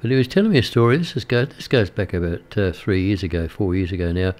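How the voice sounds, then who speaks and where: A man's voice: sits low, expressive, fast talker, darkish tone. An older man, a radio presenter chatting casually and rambling with many fillers and restarts.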